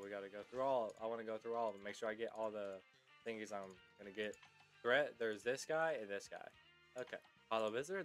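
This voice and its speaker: A man's voice: mid-range voice, a bit bright. A young man casually commenting on a video game as he plays, goofy and rambling, calling people brother. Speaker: gaming YouTuber.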